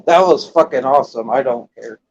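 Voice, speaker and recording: A man's voice: mid-range voice, a little fast, creaky, muffled recording. A man hosting a live stream in casual chat, laid-back and laughing easily, with casual swearing.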